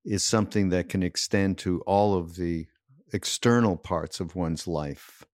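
A man hosting a reflective podcast interview, speaking haltingly with many fillers. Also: low voice, a little mellow, no echo, studio quality. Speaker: podcast host.

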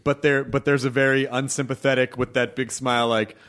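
A man chatting on a podcast, tossing in quick joking asides and mock complaints. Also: mid-range voice, flat delivery, a bit bright. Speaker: podcast co-host. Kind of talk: casual chat.

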